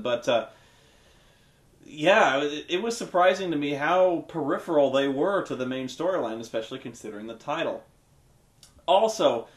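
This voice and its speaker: A man giving a casual, rambling spoken film review with many fillers, restarts and blunt swearing. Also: on the high side. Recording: echoey room.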